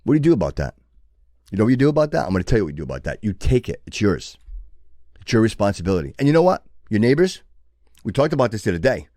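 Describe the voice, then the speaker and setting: Fervent male host with a lively pitch. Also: very fast, no room sound, studio quality. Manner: preachy, builds to fervent exhortation with many restarts. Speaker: show host. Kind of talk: impassioned motivational monologue.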